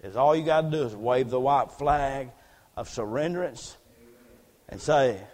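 A man preaching a sermon in a church, fervent, repeating words and rising to shouts. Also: mid-range voice, unhurried, in a large hall. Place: church sanctuary.

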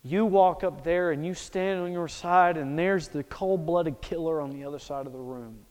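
High-voiced preacher telling a dramatic story. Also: male voice, moderate pace. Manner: dramatic storytelling, swings from hushed to loud. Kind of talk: sermon. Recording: echoey hall.

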